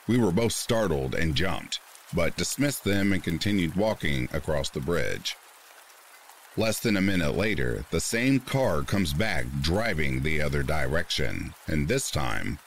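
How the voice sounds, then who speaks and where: A man narrating a reader's horror story in a measured, deliberate way, with faint rain behind him. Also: very deep voice, a little hiss or hum.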